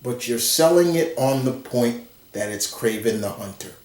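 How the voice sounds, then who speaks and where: An animated man with a darkish, medium-pitched voice delivers a profane, blunt, exasperated rant at a moderate pace for his movie commentary vlog. He's recorded from a distance, and the room echoes.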